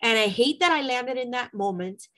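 A woman's voice: a little high, animated, moderate pace, fairly bright tone, low-quality recording. Woman, middle-aged, mother, venting, emotional, candid, swears. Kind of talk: personal vlog storytelling.

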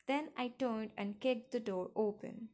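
A woman's voice: on the high side, unhurried, dark tone. Woman reading an emotional first-person novel. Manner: intimate, emotional storytelling. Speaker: audiobook narrator.

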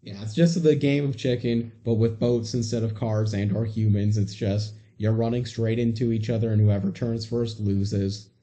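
A man's voice: lowish voice, steady tone, normal speed, hardly any pauses, mellow. A man co-hosting a podcast, adding laid-back, dry remarks about a movie. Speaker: podcast co-host. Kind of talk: casual chat about a movie.

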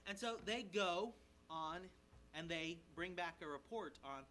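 A male pastor preaching an expository sermon in a conversational, animated way, checking in with his listeners and briefly acting out the characters' lines. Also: high-pitched, a little hiss or hum, rough recording. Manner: animated, voices the characters' lines in quick asides. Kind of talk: sermon, expository Bible teaching.

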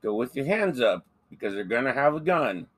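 A man's voice: mid-range voice, big pitch swings, brisk, a bit bright. A man co-hosting a horror podcast, joking in crude, playful banter. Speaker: podcast co-host. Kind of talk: casual chat.

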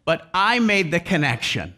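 A man's voice: high voice, big pitch swings, normal speed, pushed and bright. A man preaching a sermon with emphasis, repeating key phrases over and over. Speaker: pastor.

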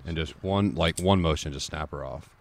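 A man's voice: a bass voice, moderate pace, gravelly, dry recording. A man from Kansas hosting a podcast, chatting casually and explaining things step by step. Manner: relaxed, explanatory, walks a guest through steps. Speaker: podcast host. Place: outdoors.

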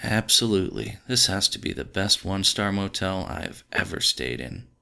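A man's voice: low voice, expressive, moderate pace, gravelly, bright, forceful tone, smooth, heavily acted. A man voicing a wounded cyborg prisoner who answers with dry sarcasm. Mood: sarcastic.

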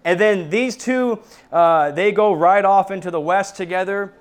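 A man delivers a sermon to his congregation with a fairly high voice. He preaches earnestly, often restarting sentences and doubling words, and calls his listeners brethren. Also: a little slow, smooth. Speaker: pastor. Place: church service.

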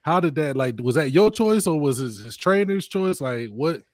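A man chatting as a podcast guest and friend of the host, easygoing and slangy, a little halting. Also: on the high side, animated, no room sound, clean studio sound. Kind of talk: casual chat over video call. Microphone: camera with monitor.

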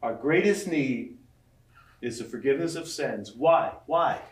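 A man preaching a sermon as pastor, animated, acting out scripture quotes and asking the room questions. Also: medium pitch, a little slow. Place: large room with audience. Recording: echoey room from far off.

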